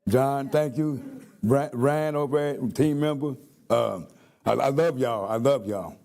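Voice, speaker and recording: A man giving a nervous, emotional acceptance speech at a hall of fame banquet, halting and repeating himself. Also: medium pitch, gravelly, a little mellow.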